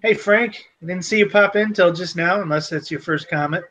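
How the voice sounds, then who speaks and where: This livestream co-host, a man from the Chicago area, Illinois, speaks briskly in a high, fairly bright voice with a Chicago-area Midwestern accent. He chats casually with viewers, addressing them by name, over lo-fi sound.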